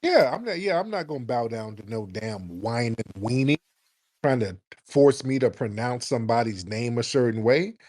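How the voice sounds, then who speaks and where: A brash male host from the United States takes calls and rants. He swears freely and hammers his points home with emphasis, in a mid-pitched voice. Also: animated, moderate pace, a little mellow. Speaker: radio show host. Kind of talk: call-in talk show.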